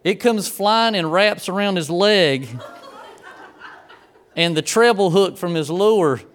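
Folksy preacher telling a story. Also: male voice, high-pitched, slow, a little hiss or hum. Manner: folksy storyteller, grows excited and laughing in the funny parts. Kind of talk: sermon with a personal story.

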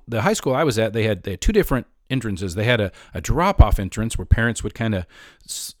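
A man telling a personal anecdote about his past in a relaxed, conversational way, with frequent fillers. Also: fairly low pitch, dry recording, clean studio sound. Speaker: storyteller.

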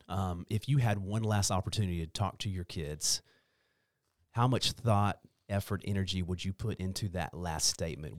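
A man with a low voice talks as a podcast guest. His delivery is earnest and emphatic. The sound is dry and close, with no room around it. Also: dry recording. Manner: earnest, emphatic about church mission. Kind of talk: casual conversation about faith.

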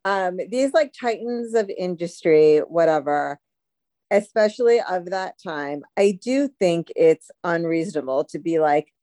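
A lower-pitched woman co-hosting a podcast, weighing a TV episode in relaxed, thoughtful chat. She talks in a measured way, full of "like" fillers. Her voice sounds close and dry. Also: no echo. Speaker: podcast co-host. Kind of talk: casual TV recap chat.

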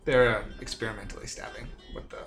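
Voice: mid-range voice, huge pitch swings, fast talker, a loud crowd. A game master narrating a tabletop game, amused and laughing often.

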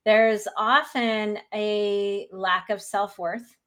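A woman's voice: medium pitch, flat delivery, takes it slowly, few pauses, fairly bright tone. A woman speaks in an earnest, reflective way in a casual talk about grief. Her voice sits in a middle range. She brings more energy when she acts out the people she quotes.

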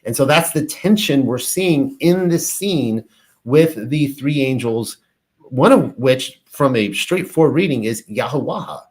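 A man's voice: mid-range voice, animated, measured pace. Man reading scripture, explaining casually. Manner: reads passages aloud then explains with asides and fillers. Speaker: bible teacher. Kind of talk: reading and commenting on ancient texts.

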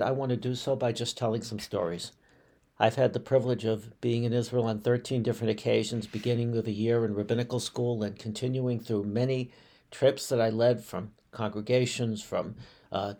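A man's voice: medium pitch, gravelly, a little mellow. A man, a rabbi telling personal stories on a podcast in a reflective way, often restarting his sentences. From United States. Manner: reflective, unhurried, with frequent restarts and fillers.

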